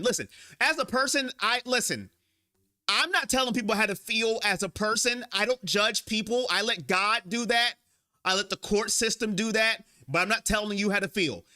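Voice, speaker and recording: Guy venting on his live stream, kinda high voice, super tense and sharp, rambly and emotional, talking right at chat. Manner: emotional, rambling, talks straight to viewers. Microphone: own microphone.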